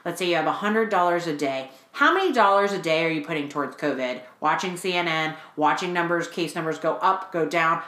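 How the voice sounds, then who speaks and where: A woman coaching clients, talking casually and frankly on a podcast, with lively storytelling and frequent swearing. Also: on the low side. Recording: roomy echo.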